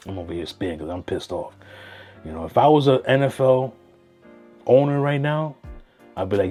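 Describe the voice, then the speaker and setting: A man casually talking through sports picks on his own channel, slangy and animated, dropping Spanish phrases. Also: mid-range voice, normal speed, pauses often, soft background music. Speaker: sports vlogger.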